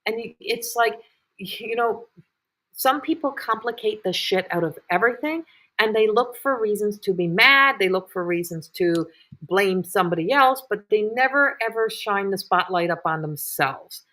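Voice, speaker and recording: A woman's voice: mid-range voice, expressive, normal speed, fairly bright tone. A woman hosting live intuitive readings, talking in a rambling, repetitive way with many fillers and restarts. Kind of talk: live-streamed psychic reading.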